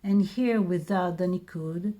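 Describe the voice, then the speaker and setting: Slow, patient woman with an Israeli accent. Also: fairly low pitch, warm tone. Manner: patient, repeats words slowly. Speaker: Hebrew teacher. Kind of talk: slow spoken lesson.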